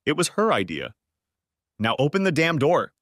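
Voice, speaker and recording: A man's voice: a little high, sing-song, normal speed, fairly bright tone, dry recording, studio quality, voice pushed up. A man voicing a curt, threatening gunman officer. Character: armed threatening male officer.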